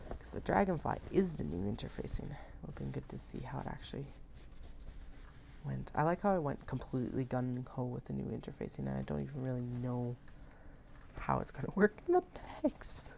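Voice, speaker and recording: A woman in her thirties with a very deep, gravelly voice talks her way through a sewing session at home, thinking aloud and poking fun at herself. Her tone is dark and mellow, and she drifts a little closer to and further from the mic as she works. A faint hiss sits under the recording. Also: lively intonation, fairly quick. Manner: chatty, thinking aloud, self-mocking. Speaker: crafter live-streaming her sewing. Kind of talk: casual chat while working.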